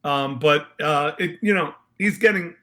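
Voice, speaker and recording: A man chatting as a podcast guest, animated and joking, quick to laugh. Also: fairly high pitch. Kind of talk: casual chat.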